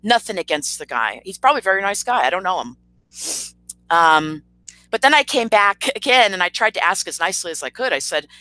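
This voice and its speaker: Woman ranting to her stream chat, bright sharp voice, sarcastic, lots of ums, dry close sound. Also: fairly low pitch, sing-song, fairly quick, dry recording, poor audio. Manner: sarcastic and indignant, with frequent fillers. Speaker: channel host. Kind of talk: livestream commentary rant.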